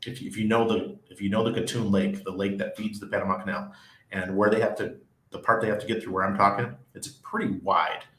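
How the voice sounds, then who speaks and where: Here a Panama-based livestream host reads comments from viewers and talks off the cuff, stumbling into restarts and laughing a lot. His lowish voice is steady and a bit bright, moving a little fast, and the space echoes.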